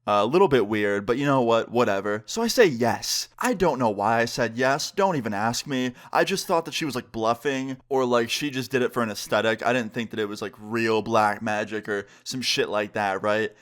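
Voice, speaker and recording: Young dude doing a storytime vlog, casual, swears a lot, normal pitch. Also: male voice, normal speed, hardly any pauses, fairly bright tone. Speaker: vlogger.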